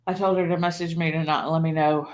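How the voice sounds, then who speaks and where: A woman's voice: sits low, level tone, quick pace. Lady chatting on her live stream, rambly stories, laughs a lot. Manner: rambling, chatty storyteller who laughs often. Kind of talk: casual chat.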